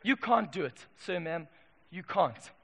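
Male pastor, high and bright, emphatic and punchy, booming hall reverb. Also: lively intonation, a little slow, gravelly, breathy edge. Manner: emphatic, swings from loud declarations to quiet asides. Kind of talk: sermon. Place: church.

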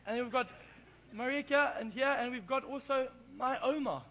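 A man's voice: very high-pitched, moderate pace, highs cut off. An Englishman preaching in church, telling a self-deprecating, playful story. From England. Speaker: pastor. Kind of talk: sermon with humorous storytelling.

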